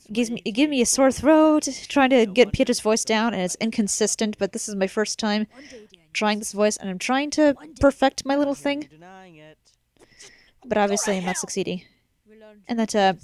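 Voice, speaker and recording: A young woman gives a rambling, casual commentary on her own fan-made series. She is chatty, often exasperated and laughs a lot. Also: a little high.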